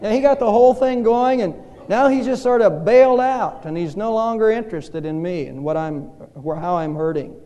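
High-voiced preacher in an echoing hall. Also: male voice, dark tone, highs cut off. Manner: slow, dramatic storytelling with pauses. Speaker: pastor. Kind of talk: sermon. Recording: reverberant hall.

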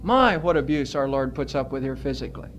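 A man preaching a sermon as pastor, earnest and emphatic, stretching out his words with pauses. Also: medium pitch, animated, slight background noise.

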